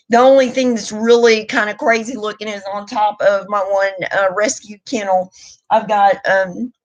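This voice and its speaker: A woman's voice: medium pitch, a bit bright, low-quality recording. A middle-aged woman, talking openly and emotionally in a rambling live stream chat. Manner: candid, emotional, rambling with restarts. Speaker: vlogger.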